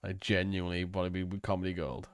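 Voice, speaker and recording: Low-voiced man, rambling and crude. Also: flat delivery, quick pace, clean tone, no room sound, studio quality. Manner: rambling, swearing, hesitant. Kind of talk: crude casual commentary.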